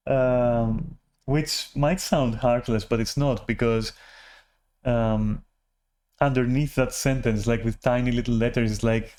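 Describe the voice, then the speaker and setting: This vlogger's voice sits at a medium pitch, a little mellow and unhurried. He rants casually to the camera, rambling and running himself down, swearing freely, and he keeps restarting sentences and dropping in filler words.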